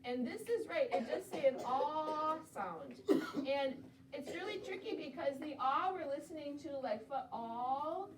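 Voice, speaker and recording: A woman teaching young children to spell, with a high, encouraging voice as she sounds out each word slowly. She is picked up from across an echoing classroom, distant from the mic. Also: a crowd in the background. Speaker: second-grade teacher. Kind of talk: classroom phonics lesson. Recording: roomy classroom audio from a distance.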